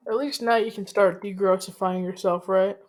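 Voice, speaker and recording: A woman hosts a casual interview and asks easygoing follow-up questions, often with a joke thrown in. Her pitch sits in a middle range. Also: normal speed. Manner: relaxed, joking follow-up questions. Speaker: interview host.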